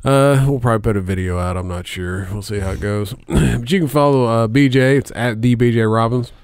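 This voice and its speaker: A man hosting a podcast in casual, profane chat, laughing often and filling pauses with "uh". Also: mid-range voice, smooth, no echo, studio quality. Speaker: podcast host.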